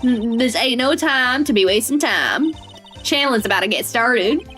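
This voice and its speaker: A woman's voice: a little high, expressive, normal speed, sharp tone, faint music behind. A woman voicing a cocky, brash Southern woman photographer with a folksy drawl, reading game dialogue aloud. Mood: pushy. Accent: American Southern. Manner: folksy drawl, bold and teasing.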